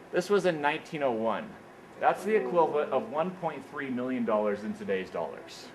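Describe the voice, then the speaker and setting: Animated storytelling man giving a talk. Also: medium pitch, fairly quick, a little hiss or hum, rough recording. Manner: animated storyteller, repeats "what happens is, is that". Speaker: speaker at an engineering career event. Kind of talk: motivational speech with storytelling. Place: indoor meeting room.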